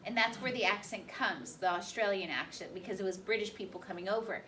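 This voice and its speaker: Her voice medium in pitch and pushed bright, a high school history teacher fires rapid questions at her students. The recording comes from a distance in the classroom and has faint noise.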